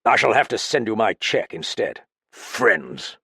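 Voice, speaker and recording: A proud, aloof older gentleman from an audiobook mystery, clipped and formal, voiced by a man. His harsh tone sits low and gravelly, recorded close and dry with no room around it. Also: animated, moderate pace, dry recording, heavily acted. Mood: stiff, cold. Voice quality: harsh, stiff.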